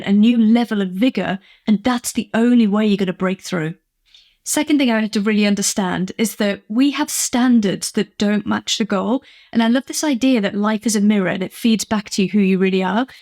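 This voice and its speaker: A woman's voice: medium pitch, darkish tone. A woman business coach from England giving an earnest, emphatic motivational vlog talk, acting out little quoted exchanges.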